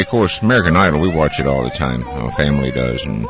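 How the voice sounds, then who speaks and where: A man's voice: a bass voice, animated, fast talker, music in the background. A man hosting a call-in radio talk show, chatting casually and teasing callers in a rambling, joking way.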